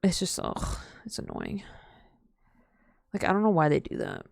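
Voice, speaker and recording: Chatty young woman game streamer, low-toned. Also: wildly swooping pitch, normal speed, gravelly, a little mellow, no echo, studio quality. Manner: rambling, heavy use of "like" fillers; chatty and playful. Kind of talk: casual live-stream chat while gaming.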